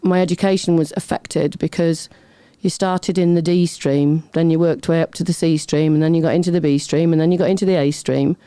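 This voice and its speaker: A middle-aged woman talks freely as a guest, piling one story onto the next in a chatty, rambling way. Her voice is mellow and dark rather than bright. The recording is dry and close, with no room echo. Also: sits low, steady tone, a little fast, few pauses, clean tone. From Britain. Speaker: podcast guest. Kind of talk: casual interview chat.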